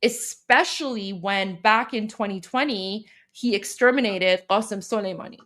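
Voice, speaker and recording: A woman's voice: mid-range voice, fairly bright tone. A Canadian woman hosting a live stream, chatting casually and translating a clip with many fillers. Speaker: host. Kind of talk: casual commentary.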